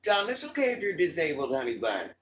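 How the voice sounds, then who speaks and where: Animated man chatting to his livestream viewers. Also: fairly high pitch, quick pace, a little hiss or hum, rough recording. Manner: repetitive, animated storytelling, often restarts phrases. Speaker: livestream host talking to chat viewers. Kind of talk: casual livestream chat.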